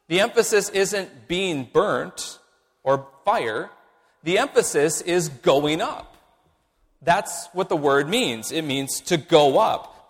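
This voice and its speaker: A man preaching a sermon, teaching in a measured way and stressing key points by repeating them. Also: fairly high pitch, big-room sound. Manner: measured teaching delivery, emphatic repetition. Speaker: pastor.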